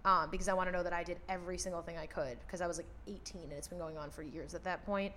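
A woman's voice: lowish voice, fairly even intonation, very fast, a bit bright, slight background noise. A young woman in her twenties chatting candidly on a podcast, swearing freely and restarting her sentences. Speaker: podcast host. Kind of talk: casual podcast chat.

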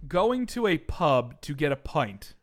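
A man from the United States co-hosting a podcast, chatting casually and sarcastically, quick to tease and swear. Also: on the high side, very animated. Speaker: podcast co-host. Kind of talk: casual banter.

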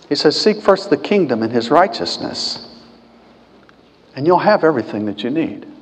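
A man preaching a sermon as pastor, swinging between quiet conversational asides and loud, emphatic peaks. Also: a little high. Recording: long hall reverb.

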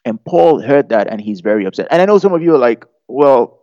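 A man's voice: medium pitch, very animated, quick pace, dark tone, no room sound. A man preaching a conversational sermon, chatty and humorous, often putting questions to the audience. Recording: dull lo-fi sound.

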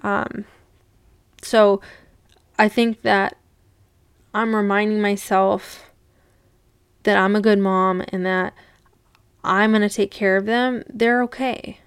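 Smooth-voiced woman telling a personal story. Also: mid-range voice, steady tone, takes it slowly, long pauses, no room sound, studio quality. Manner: candid, rambling, uses "like" a lot. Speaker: podcast host.

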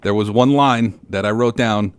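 A man's voice: fairly low pitch, moderate pace, smooth. A man co-hosting a casual wrestling chat, making wry, jokey asides. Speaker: podcast co-host.

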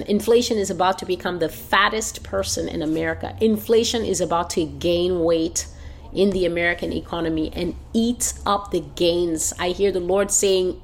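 Woman preacher for a prayer-call prophecy, lower pitch, fervent and repetitive delivery. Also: fairly even intonation, moderate pace. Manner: fervent, declaiming, repeats phrases for emphasis. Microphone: phone line.

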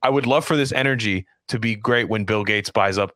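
A man's voice: on the low side, brisk, a bit bright, dry recording, clean studio sound. A man co-hosting a podcast in casual political chat, rambling with many restarts, fillers and swearing. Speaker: podcast co-host.

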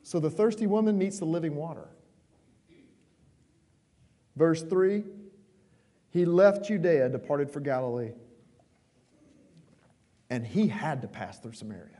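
A man's voice: a little high, animated, unhurried, pauses often. Man preaching in a reverberant hall. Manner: conversational, emphatic preaching with sudden quiet drops. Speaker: pastor. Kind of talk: sermon.

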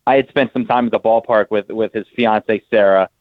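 A man's voice: fairly low pitch, steady tone, fairly quick, no room sound. A man talking as a guest in a casual chat, rambling and often restarting his sentences. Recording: phone line.

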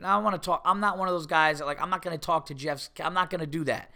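A middle-aged man telling a rambling, animated story on his podcast, full of restarts and asides. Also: fairly high pitch, rapid-fire, gravelly, few pauses. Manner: rambling, animated, with many restarts and mock voices. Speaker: podcast host. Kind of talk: casual storytelling.

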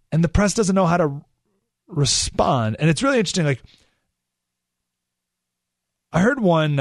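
A man hosts a talk radio show in an animated, sarcastic monologue. His pitch sits mid-range. The sound is dry and close, with no room around it. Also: no room sound. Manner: animated, sarcastic, rhetorical questions.

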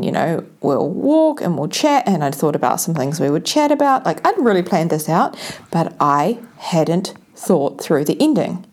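Young woman chatting away about her own mishaps, low-ish voice but swoops up and down a lot, slow and drawn out, laughs a lot. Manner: animated, laughs often, self-mocking. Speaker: vlogger telling a personal story. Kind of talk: casual storytelling to camera.

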